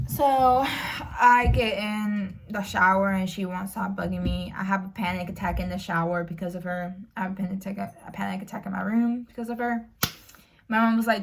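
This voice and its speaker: A young woman talks straight to camera at home, rambling through a stressful family story, cursing and apologizing as she goes. Her voice sits at a middle pitch. A faint hiss runs under the recording. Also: little pitch movement, brisk, vocal fry. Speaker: vlogger. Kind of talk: personal storytelling vlog.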